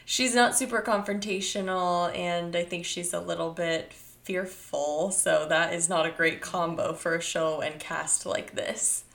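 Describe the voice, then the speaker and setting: A woman co-hosting a podcast in casual chat, measured and reflective in her takes. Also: on the low side, steady tone, creaky, fairly bright tone. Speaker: podcast co-host.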